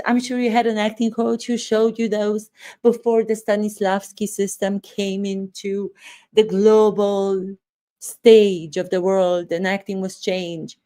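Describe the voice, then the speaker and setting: A woman's voice: mid-range voice, darkish tone. Woman acting coach ranting at a clip, emphatic, keeps asking would that sound real. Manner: emphatic, incredulous, rhetorical questions. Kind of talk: reaction commentary.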